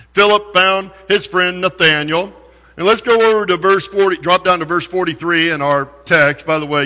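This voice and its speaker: A man's voice: a little high, big-room sound. A man preaching a sermon as pastor, asking his congregation rhetorical questions and acting out the quoted speech of scripture figures. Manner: expressive, acts out quoted speech.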